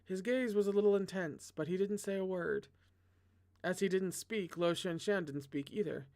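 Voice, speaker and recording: A host reading a novel aloud, breaking off into chatty, excitable commentary with self-deprecating humor. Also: normal speed. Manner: dramatic, excitable asides with big pitch jumps. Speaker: read-along host.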